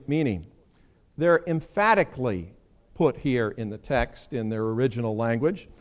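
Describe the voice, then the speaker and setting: A man preaching a sermon as pastor, animated, acting out quoted lines with sudden leaps in pitch.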